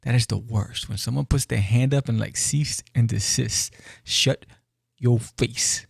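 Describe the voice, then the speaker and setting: A man hosting a podcast, casually reviewing a comic book with excitable, exclamatory commentary and playful asides. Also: medium pitch, measured pace, gravelly, breathy edge, dry recording, studio quality.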